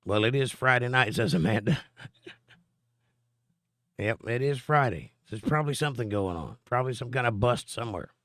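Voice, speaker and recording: Man, middle-aged, live stream host, jokey, mid pitch, dry. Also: lively intonation, moderate pace, pauses often, a bit bright, no echo. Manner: joking, chatty, answers chat directly. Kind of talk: casual chat, reading viewer comments aloud.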